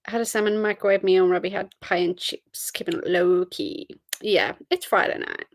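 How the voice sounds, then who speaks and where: A woman's voice: medium pitch, steady tone, normal speed, no room sound. A tired young woman, chatting casually on a livestream and answering chat messages. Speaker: livestream host. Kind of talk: casual live-stream chat.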